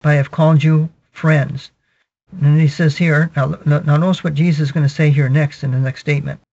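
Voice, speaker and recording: A man's voice, pitched a little higher than usual, delivers a measured sermon and works through scripture line by line. He keeps saying "okay" and repeats key phrases to drive them home. The recording sounds muffled and lo-fi. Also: steady tone, creaky, a little mellow. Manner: measured teaching, peppered with "okay" and repetitions. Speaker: preacher. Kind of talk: sermon, verse-by-verse Bible exposition. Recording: dull lo-fi recording.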